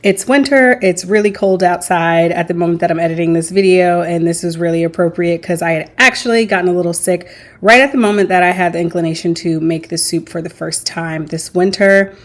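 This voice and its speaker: A woman's voice: lowish voice, fairly even intonation, fairly quick, soft background music, low-quality recording. A woman chatting casually as a home cooking vlogger, rambling along with frequent small laughs. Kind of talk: casual voice-over chat. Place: home kitchen. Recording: clear cooking noise behind.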